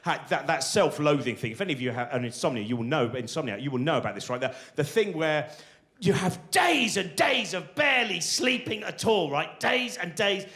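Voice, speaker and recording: Stand-up in his forties, high voice, rambling, digressive. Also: very animated, brisk, bright, forceful tone. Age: 40s. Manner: rambling, digressive, tag questions. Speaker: stand-up comedian. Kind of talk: live stand-up comedy. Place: theatre stage before a live audience.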